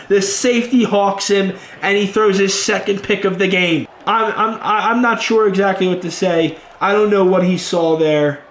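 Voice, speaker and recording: A young man giving let's play commentary over a football video game, muttering low between plays and yelling when big plays happen. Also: fairly even intonation, normal speed, few pauses, echoey room, slight background noise. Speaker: gaming YouTuber.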